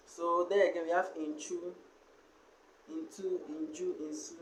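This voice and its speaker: A man teaching a language lesson, slowly sounding out and repeating each syllable and word. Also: high-pitched. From Ghana. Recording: echoey room.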